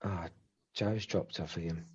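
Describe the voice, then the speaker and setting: A man's voice: low voice, steady tone, unhurried, husky. A man co-hosting a podcast in casual chat, rambling and repeating himself, with the odd swear. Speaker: podcast co-host. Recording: slightly dull lo-fi audio.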